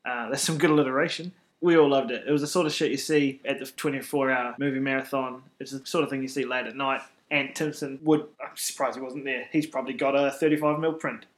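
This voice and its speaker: A man's voice: medium pitch, fairly even intonation, fast, few pauses. A man co-hosting a film review chat, jokey and rambling. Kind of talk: casual chat. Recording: roomy echo.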